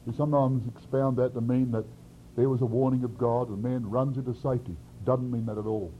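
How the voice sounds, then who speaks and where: A man preaching an expository sermon, swinging from loud emphasis to quiet asides. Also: medium pitch, steady tone, brisk, slight background noise. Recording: dull lo-fi sermon recording.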